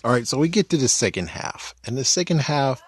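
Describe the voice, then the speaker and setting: A man's voice: medium pitch, sing-song, brisk, husky, no echo. A man giving a casual, rambling recap of a cartoon episode, exasperated and swearing mildly. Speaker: video commentator.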